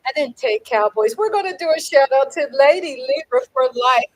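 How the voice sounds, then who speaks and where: Lively woman hosting a chatty livestream. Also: moderate pace, rough recording. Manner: lively, chatty, swings from loud cheering to low asides. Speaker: livestream host. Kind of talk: casual livestream chat.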